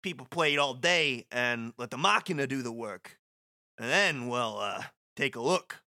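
A man's voice: medium pitch, lively intonation, a little slow, sharp tone, no echo, clean studio sound, voice pushed down, heavily acted. A man reading aloud as an easygoing male island ball-team coach, in a folksy, chatty way, sometimes putting on a New York accent. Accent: New York put-on. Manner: laid-back, folksy, chatty. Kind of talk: casual script read-aloud.

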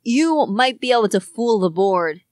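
A woman co-hosting a comedy podcast with her brother, giving dry, deadpan comebacks. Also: fairly high pitch, moderate pace, dry recording. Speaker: podcast co-host. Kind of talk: casual comedic chat.

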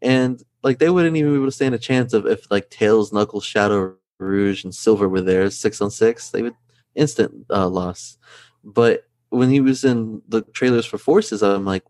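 A chatty male podcast host with a lowish voice, recorded dry and close. He gets excitable and fills his talk with "like". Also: moderate pace, dry recording. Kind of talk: casual podcast chat.

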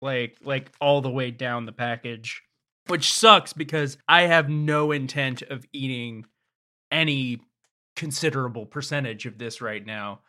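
Slow-talking bright-voiced man, laid-back. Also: mid-range voice. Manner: laid-back, profane, chuckling. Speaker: co-host. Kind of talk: casual podcast snack review.

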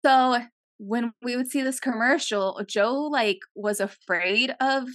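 A young woman co-hosting a casual podcast, her voice bright and fairly high. She tells stories with animated swings, acting out quotes with leaps in pitch. The recording is dry and close. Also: takes it slowly, dry recording. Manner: animated, acts out quotes with big pitch jumps. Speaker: podcast co-host. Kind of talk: casual storytelling chat.

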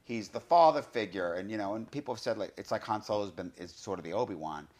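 A man hosting a podcast, talking through a film review in an excited, casual way, often saying "you know". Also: on the low side, quick pace. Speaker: podcast host.

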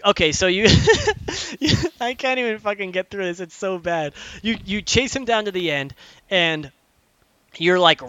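A man's voice: a little high, pushed and bright, no room sound, muffled recording. A young man in casual chat, ranting animatedly about a game's story with plenty of swearing and fillers. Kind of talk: casual chat, retelling a video game story.

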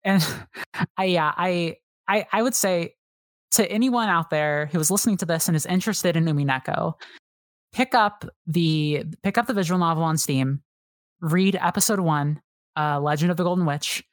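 A woman's voice: fairly low pitch, moderate pace, no room sound, studio quality. A woman guest on a podcast, talking casually and eagerly, rambling with many fillers and restarts. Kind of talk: casual chat.

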